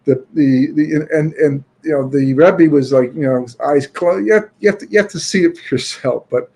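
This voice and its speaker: A man giving a Torah talk as a chatty storyteller, full of "you know" and restarts, sprinkling in Yiddish and Hebrew terms and turning loud and emphatic when he argues a point. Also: fairly high pitch, normal speed, husky. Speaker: Torah speaker.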